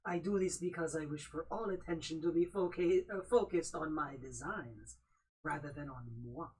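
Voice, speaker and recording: Woman putting on a haughty male gargoyle, fake French accent, halting, lowish voice. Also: close to an everyday voice, poor audio. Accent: put-on French. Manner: halting, fumbles for words. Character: vain perfectionist male gargoyle designer.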